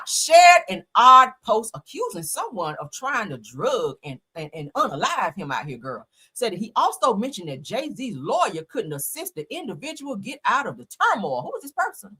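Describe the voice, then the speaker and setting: A woman's voice: mid-range voice, bright, forceful tone, breathy edge. A woman hosting a casual celebrity news show, reading stories aloud and breaking off into sassy, profane, sarcastic asides. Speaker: host.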